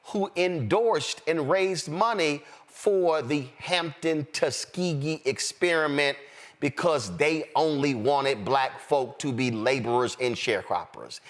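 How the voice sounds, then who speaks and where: A man hosting a panel talk show, speaking with an emphatic, preaching cadence and directing his panelists. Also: on the high side. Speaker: host.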